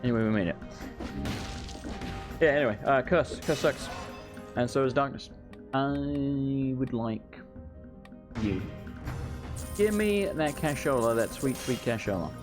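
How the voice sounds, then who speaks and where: A man's voice: medium pitch, lively intonation, moderate pace, pauses often, music in the background. A man giving rambling, swear-filled commentary while playing a video game. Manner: chatty, rambling, swears freely. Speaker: gaming channel host. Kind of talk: casual let's play commentary.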